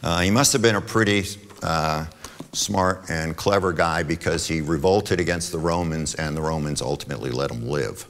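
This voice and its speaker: A man with a very deep voice gives a church adult forum talk in a room with long reverb. He explains things in a relaxed, conversational way, stopping often with fillers and restarts, and now and then reads passages aloud from his notes. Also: normal speed. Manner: conversational lecturing with frequent fillers and self-corrections.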